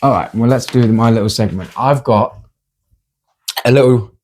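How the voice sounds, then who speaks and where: A man hosting a casual podcast, running a joke quiz in a teasing, deadpan way. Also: mid-range voice, normal speed. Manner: teasing, deadpan quiz-master who breaks into laughter. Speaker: podcast host.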